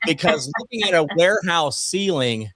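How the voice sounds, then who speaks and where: A man's voice: on the high side, normal speed, no echo. A man co-hosting a casual morning talk show, telling a long personal story and acting out the people in it. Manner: animated storyteller, acts out quotes, swears casually. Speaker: co-host.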